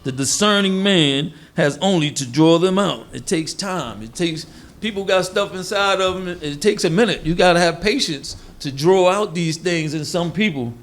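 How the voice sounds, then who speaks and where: A man's voice: high voice, lively intonation, moderate pace. A man preaching in a casual, conversational way. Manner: informal, conversational, acts out quoted voices. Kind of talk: sermon teaching.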